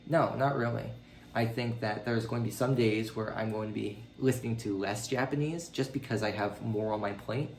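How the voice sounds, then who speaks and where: A man talking casually in a video diary about learning a language. He rambles with many ums and jumps his pitch up when he quotes his own reactions. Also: normal speed, a little mellow, roomy sound.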